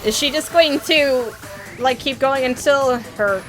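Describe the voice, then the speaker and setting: High-voiced woman doing game commentary. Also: a little slow, soft background music. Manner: emotional, reacts loudly and swears. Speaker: let's play host. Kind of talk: casual gameplay commentary.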